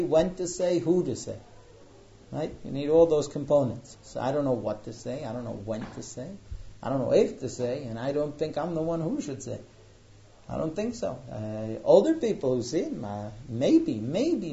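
A middle-aged man, a matchmaker, telling a story in a casual, animated way with frequent hesitations. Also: a little high, creaky. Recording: dull lo-fi audio.

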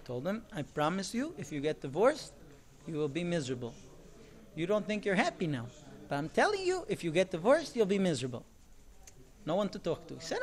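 A man's voice: sits high, very animated, a little fast. A man, a rabbi, gives a sermon on marriage, talking emphatically with rhetorical questions.

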